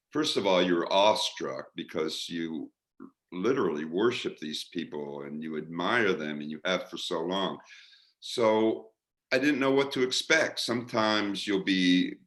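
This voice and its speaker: A middle-aged man, a radio interviewer, telling lively anecdotes in a casual panel talk and mimicking the people he quotes. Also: low-pitched, rough recording.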